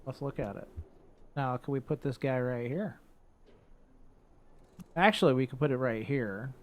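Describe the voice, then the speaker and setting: Slow-talking man muttering over a game. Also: mid-range voice, a little hiss or hum. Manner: relaxed, thinking aloud, muttering. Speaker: gaming YouTuber. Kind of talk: casual let's-play commentary.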